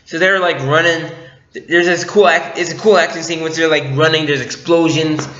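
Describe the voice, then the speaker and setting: Young male vlogger, chatty and excitable, bright tone; echoey room with lo-fi sound. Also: on the high side, moderate pace. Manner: excitable, chatty, laughs often. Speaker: movie reviewer. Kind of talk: casual vlog review.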